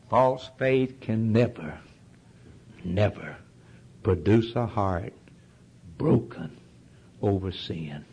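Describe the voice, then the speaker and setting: A man preaching a sermon with fervent swings from loud, rising peaks to low, hushed lines. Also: husky.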